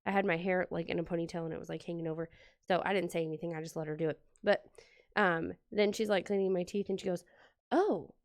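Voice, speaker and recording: A woman's voice: on the low side, steady tone, fast, no echo. A woman chatting casually as she decorates a planner, telling a story and acting out the quotes. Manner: chatty, many "like" fillers, acts out quotes. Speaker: planner vlogger. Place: home, indoors.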